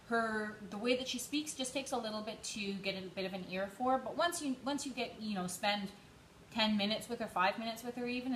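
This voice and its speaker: Panting from her run on an indoor treadmill, a young livestream host training for a charity run chats casually and greets viewers by name. She has a mid-range, slightly bright voice. The audio carries room echo and faint noise.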